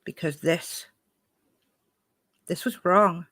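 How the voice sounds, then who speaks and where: A woman's voice: fairly low pitch, steady tone, very slow, fairly bright tone, dry recording. Upset, indignant woman from Wales. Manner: indignant, confrontational. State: upset, emotional. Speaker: reaction video host. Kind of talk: reacting to a played clip.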